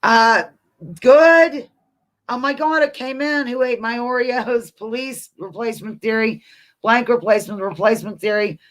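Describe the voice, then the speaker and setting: A woman's voice: fairly high pitch, moderate pace, a bit bright. A woman hosting a casual live-stream quiz from home, chatting with viewers, reading their comments aloud and talking to her dog. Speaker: livestream host. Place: home, indoors.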